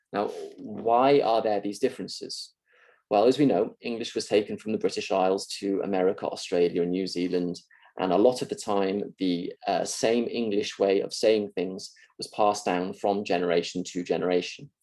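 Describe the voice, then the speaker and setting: Male university lecturer, husky and low, explains casually with fillers. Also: dark tone, poor audio. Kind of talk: mock lecture.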